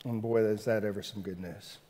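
A middle-aged man with a Southern US accent preaching a sermon in a conversational way, repeating phrases and swinging between loud and hushed. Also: fairly low pitch, fairly even intonation, a little fast, in a large hall. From Southern United States. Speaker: pastor.

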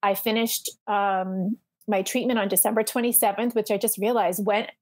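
A middle-aged woman talks candidly as a podcast guest, her voice sitting at an ordinary pitch. She is animated and acts out the people she quotes, with plenty of fillers and restarts. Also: normal speed. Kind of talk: candid conversational storytelling.

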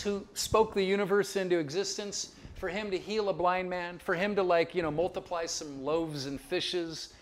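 A man giving a Bible lecture in an animated way, often checking in with listeners and chuckling in asides. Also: high voice. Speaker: Bible teacher.

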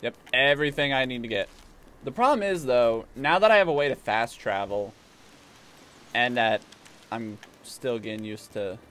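A man streaming a video game, chatting casually and jokingly, even talking back to the characters. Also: mid-range voice, moderate pace. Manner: playful, jokey, talks to characters. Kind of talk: casual gameplay commentary. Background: game music.

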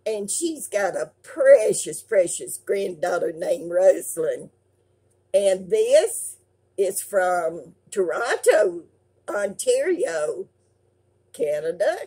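Older woman, breathy voice, slow delivery, folksy fan-mail vlog, affectionate. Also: medium pitch, very animated, dark tone. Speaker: craft channel host. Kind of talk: casual chat reading fan mail.

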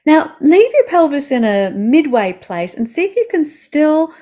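A woman with an Australian accent guiding a slow body-awareness lesson, speaking soothingly and asking the listener gentle questions. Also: sits high, big pitch swings. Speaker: movement instructor.

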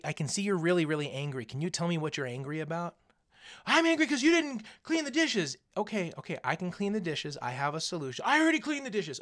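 A man teaching a recorded lesson to students, speaking in a conversational, coaching way and acting out the voices of people he quotes. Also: a little high. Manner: animated, acts out quoted voices.

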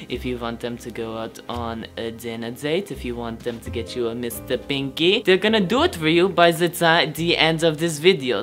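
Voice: medium pitch, a bit bright. Someone doing a campy rich old aunt with a wobbly accent. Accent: shifting put-on German-like accent. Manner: theatrical, bawdy, rambling asides. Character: flamboyant rich old aunt, woman, self-styled matchmaker. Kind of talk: comedic character monologue to camera.

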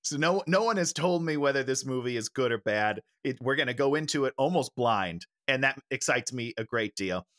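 A man's voice: mid-range voice, expressive, brisk, hardly any pauses, fairly bright tone. A man co-hosting a casual podcast chat, enthusiastic and agreeable. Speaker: podcast co-host.

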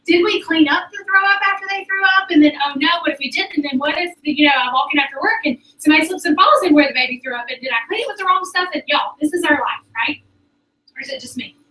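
High bright woman rallying a room. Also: fast, slight background noise. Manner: chatty, animated, addresses the audience as "y'all". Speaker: sales director. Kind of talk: motivational talk to a group. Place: meeting room with an audience. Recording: roomy sound from a distance.

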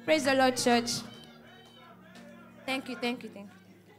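Woman, 20s, church testimony, earnest and halting, high pitched. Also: steady tone, soft background music. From Nigeria. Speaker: church member giving testimony. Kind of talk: personal testimony at church service.

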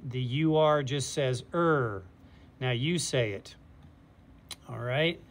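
A man teaching a phonics lesson to young readers, patient and deliberate, stretching out sounds and repeating each word. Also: medium pitch. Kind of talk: slow, clear instruction for young readers.

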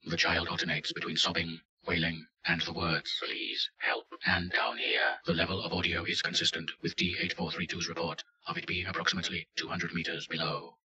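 Deep monotone guy reading a report deadpan, forceful edge, dull lo-fi sound. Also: fairly quick, hardly any pauses. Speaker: narrator. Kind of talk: scripted narration.

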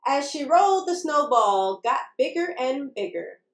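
A woman reading a children's bedtime story aloud in a slow, expressive, sing-song way. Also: high-pitched, echoey room. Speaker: children's book reader.

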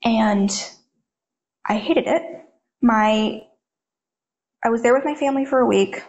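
A woman's voice: fairly high pitch, unhurried, a little mellow, highs cut off. An eighteen-year-old woman, an interview guest, telling her own story frankly and conversationally, with plenty of "like" in her speech. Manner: frank, conversational, heavy use of "like". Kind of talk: candid personal storytelling.

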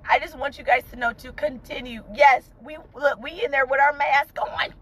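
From inside a parked car, a high-pitched woman cries as she talks to her viewers, fervent and tearful, repeating encouraging phrases over and over. She's a vlogger and mother of two young entrepreneurs, sharing family news in a casual vlog. Her voice is a bit bright, and the recording is rough.

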